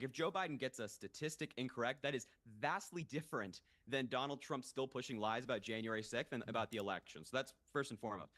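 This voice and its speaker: Panelist: quick, earnest man making his case in a televised debate. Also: mid-range voice, fairly bright tone. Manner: earnest, argumentative, presses his point.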